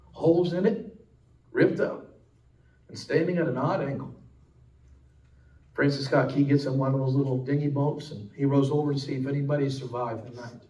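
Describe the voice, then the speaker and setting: A male preacher giving a dramatic sermon, telling a story with emphatic, swinging delivery. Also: a little hiss or hum. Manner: dramatic, swinging from loud, high and emphatic to low and hushed. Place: church sanctuary. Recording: echoey church from a distance.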